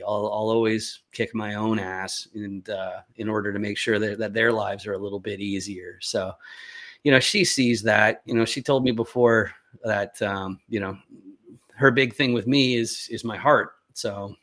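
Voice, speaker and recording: A man's voice: on the low side, fairly even intonation, moderate pace, a bit bright. A man talking casually as a podcast guest, rambling with many fillers and restarts. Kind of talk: casual chat.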